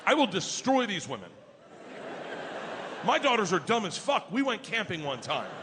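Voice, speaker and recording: A man doing stand-up storytelling, loud and profane, acting out his family in quick voices. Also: high voice, very animated. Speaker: stand-up comedian. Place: large comedy venue, indoors. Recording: live venue with long reverb and audience noise. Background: crowd laughter and ambience.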